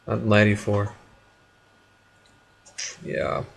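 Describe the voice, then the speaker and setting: Gravelly Icelandic chess commentator. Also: male voice, lowish voice, completely flat delivery, takes it slowly. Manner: calls out moves in short bursts. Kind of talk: live commentary chat.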